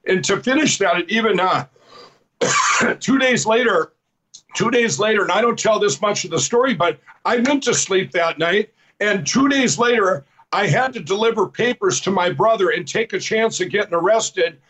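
A man's voice: high-pitched, lively intonation, moderate pace, fairly bright tone, low-quality recording. A man guest telling his personal testimony in a rambling, earnest way, often repeating "I said" as he retells conversations and laughing at his own story.

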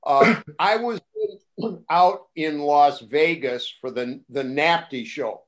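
An older man, a former wrestling broadcaster, telling casual stories on a talk show and acting out the voices of the people he quotes. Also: slow. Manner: animated, acts out quoted voices with rising pitch and loudness. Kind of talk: casual anecdotal storytelling.

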